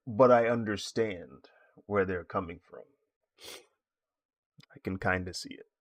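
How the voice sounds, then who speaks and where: A man casually chatting with his stream viewers while he draws, in a relaxed, rambling way with frequent laughs. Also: sits low, measured pace, long pauses, dry recording. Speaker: streaming digital artist.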